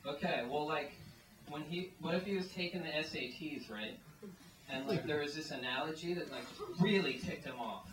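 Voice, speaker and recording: A man performing stand-up at a small venue, his slightly high voice wandering through loose, filler-heavy bits. He sounds a little away from the mic, and the room gives back a noticeable echo. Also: normal speed, background noise. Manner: rambling, filler-heavy delivery full of "like" and "um". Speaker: stand-up comedian. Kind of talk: stand-up comedy set. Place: small live comedy venue. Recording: echoey room, mic at a distance.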